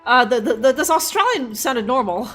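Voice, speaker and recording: A woman's voice: high voice, big pitch swings, normal speed, a bit bright, faint music behind. Rambling, foul-mouthed woman streamer. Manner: rambling, swears freely, lots of restarts. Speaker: game streamer. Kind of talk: casual live-stream commentary.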